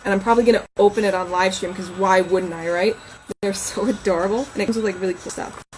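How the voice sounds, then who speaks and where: A woman's voice: mid-range voice, fairly even intonation, fast, a little mellow, slight background noise, low-quality recording. A woman novelist chatting on a casual livestream from home, rambling and reading names aloud as she thinks.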